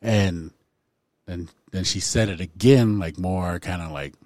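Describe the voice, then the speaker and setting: A man hosting a casual podcast, telling a funny anecdote in an animated way. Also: sits low, measured pace, no room sound, studio quality. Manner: animated storyteller, acts out voices in anecdotes. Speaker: podcast host.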